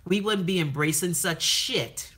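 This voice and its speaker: Bahamian woman, live-stream host, blunt and profane, bright voice, casual chat. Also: lowish voice, unhurried. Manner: blunt, profane, lively commentary.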